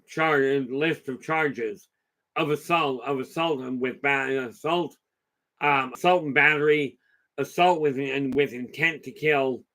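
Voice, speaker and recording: A man's voice: on the high side, sharp tone. A man hosting a casual live talk, telling a long story in a rambling, chatty way and answering viewer comments. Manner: rambling, chatty, with many restarts and asides. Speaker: host.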